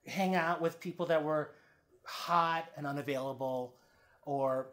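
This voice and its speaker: Expressive man telling candid stories. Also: measured pace. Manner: expressive, swinging between loud animated bursts and low quiet passages; candid and profane, acts out other people's lines. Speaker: podcast guest. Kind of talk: candid storytelling in a podcast interview.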